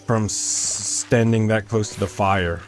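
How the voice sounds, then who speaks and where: A man's voice: on the low side, steady tone, unhurried, faint music behind. A young man chatting casually with his stream while playing a game, rambling and often restarting his sentences. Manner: rambling, self-interrupting, chatty. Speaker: gaming streamer. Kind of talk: casual gameplay chat with chat.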